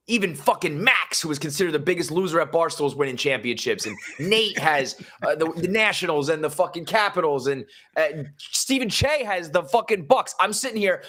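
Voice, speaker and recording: A man's voice: fairly high pitch, sharp tone. A man co-hosting a casual podcast chat, ranting in a self-mocking way and swearing often. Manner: self-mocking, profane rant. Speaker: podcast co-host.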